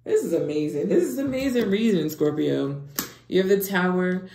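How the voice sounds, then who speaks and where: Low, gravelly woman reading tarot. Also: normal speed. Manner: expressive, swings from hushed whispers to excited exclamations. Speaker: tarot reader. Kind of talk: casual tarot reading monologue. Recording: echoey room with background noise.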